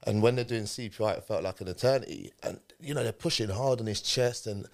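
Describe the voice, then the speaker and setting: Speaking quickly in a fairly low voice, this man recounts a personal story as a podcast guest, playing out the quoted speech with animated energy.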